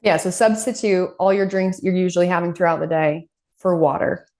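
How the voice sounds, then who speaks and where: A woman with a lowish voice co-hosts a casual podcast. She tells family stories with animation, slipping into quoted voices and laughing as she goes. Her talk is relaxed and conversational. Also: fairly quick. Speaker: podcast co-host. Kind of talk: casual chat.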